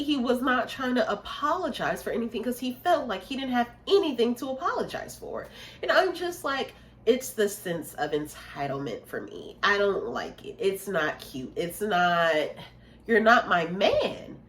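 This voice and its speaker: A woman's voice: on the high side, very animated, a little slow, a bit bright, slight background noise. A woman vlogger telling a storytime tale in an emphatic way, repeating phrases for effect. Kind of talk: storytime vlog.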